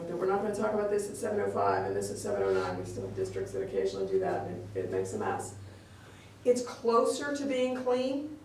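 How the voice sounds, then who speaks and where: A woman's voice: mid-range voice, a little mellow, distant mic, slight background noise. A woman giving a conversational training talk on meeting rules, explaining step by step and acting out little quoted exchanges. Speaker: open meeting law trainer. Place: district office meeting room. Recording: very echoey room, picked up from afar.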